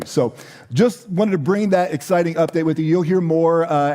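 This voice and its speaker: Pastor, male, middle-aged; relaxed, high-ish mellow tone, loose conversational preaching. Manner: conversational, warm-hearted, with many fillers and restarts. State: choked up. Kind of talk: sermon with announcements.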